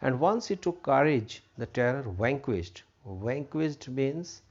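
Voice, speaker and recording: In a slow but animated mid-range voice, the teacher goes over an English textbook, restating points, defining words and filling gaps with ums and ahs. The sound quality is dull and lo-fi.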